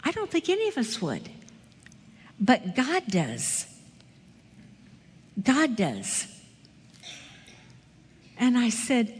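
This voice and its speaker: A woman teaching a women's Bible study, expressive and asking her listeners questions. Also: fairly high pitch, drawn-out words, long pauses, husky. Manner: expressive, asks the audience questions. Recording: echoey hall with long reverb.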